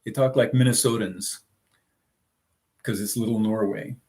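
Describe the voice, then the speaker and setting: A man's voice: on the low side, steady tone, measured pace, a little mellow. A man who grew up in the American South, co-hosting a casual live chat aboard a small sailboat, rambling with lots of fillers and chuckles. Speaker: sailing vlog co-host.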